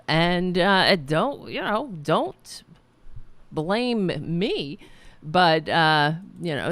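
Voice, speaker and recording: A woman's voice: low voice, clear, resonant tone, no echo. A woman hosting a talk show, speaking bluntly and swearing freely, rambling with restarts. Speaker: podcast host. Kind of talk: casual opinion talk.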